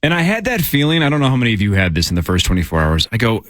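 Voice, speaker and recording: A man's voice: medium pitch, sing-song, very fast, few pauses, a bit bright. A man co-hosting a radio show, telling a rambling, self-deprecating story with lots of restarts. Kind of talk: casual sports radio banter.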